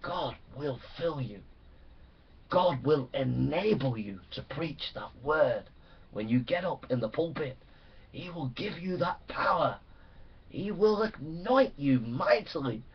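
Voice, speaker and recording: A man delivers a fervent sermon, his somewhat high voice swelling into loud exhortation between scripture readings. The recording is dull and lo-fi, with the top end rolled off. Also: lively intonation, slow pace, breathy edge. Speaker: preacher.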